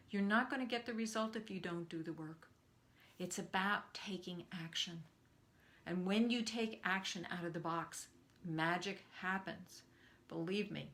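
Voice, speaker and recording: An older woman coaching a live online group, telling a personal story and acting out the quoted lines with lively jumps in pitch. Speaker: speaking coach.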